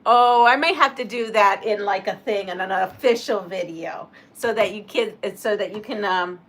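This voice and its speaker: A woman hosting a quilting livestream, reading out a homemade story and chatting with viewers, animated and laughing at her slips. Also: medium pitch, normal speed. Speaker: quilting channel host.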